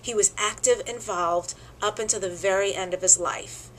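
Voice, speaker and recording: Expressive woman telling a tribute story. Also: medium pitch, normal speed, a little hiss or hum, rough recording. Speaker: host.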